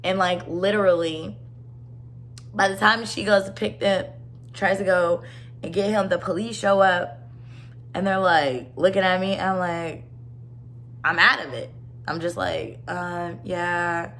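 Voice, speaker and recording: A young woman with a fairly low voice speaks at home, recounting a personal story in a rambling, earnest monologue. She leans heavily on "like" and restarts as she goes. A faint hum sits under her voice. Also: steady tone, a little slow, long pauses, fairly bright tone. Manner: rambling, earnest, heavy use of "like". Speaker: vlogger.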